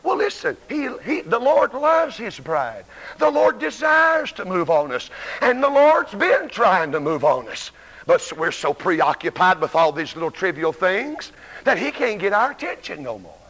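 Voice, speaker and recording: A man's voice: sits high, very animated, moderate pace, a bit bright. A man with a Southern American accent preaching an emphatic revival sermon to a church congregation, stammering on restarts and calling out to his listeners. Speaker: evangelist preacher. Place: church sanctuary. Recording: live church recording with long reverb.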